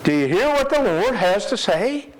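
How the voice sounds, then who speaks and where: A man's voice: high-pitched, big pitch swings, normal speed, poor audio. A man preaching a sermon with emphasis, reading scripture aloud and repeating his words.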